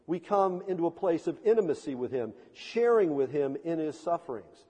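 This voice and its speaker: A man's voice: fairly high pitch, animated, normal speed, darkish tone, slightly rough. A male pastor preaching a sermon with impassioned, emphatic delivery and dramatic swells, heard in a church sanctuary with a long reverb.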